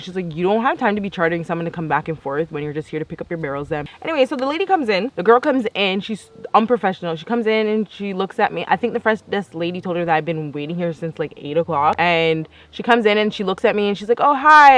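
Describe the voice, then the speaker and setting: A woman's voice: fairly low pitch, expressive, fast talker, few pauses. A young woman telling a story in a casual vlog, chatty and exasperated, acting out both sides of each conversation. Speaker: vlogger.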